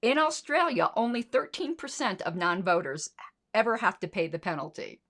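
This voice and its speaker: A middle-aged woman runs a political commentary livestream, speaking at a normal speed in a mid-range, fairly bright voice with lively intonation. She's blunt, sarcastic and indignant, swears a lot, and leans on sarcastic rhetorical questions.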